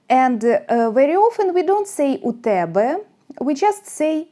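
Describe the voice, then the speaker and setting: Slow-spoken woman teaching a language. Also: high voice, very animated, dark tone. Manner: slow, careful explanation with many fillers. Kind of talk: language lesson.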